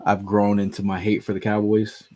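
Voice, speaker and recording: A man's voice: lowish voice, monotone, normal speed, darkish tone. A man co-hosting a casual sports podcast, rambling easygoing with many "uh"s. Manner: rambling, filler-heavy, easygoing. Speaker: podcast co-host.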